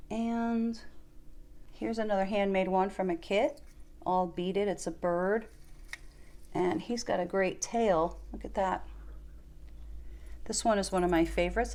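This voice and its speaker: A woman's voice: fairly low pitch, darkish tone. A woman giving a casual, enthusiastic show-and-tell of her vintage ornament collection in her living room. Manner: chatty, enthusiastic, gushing over finds.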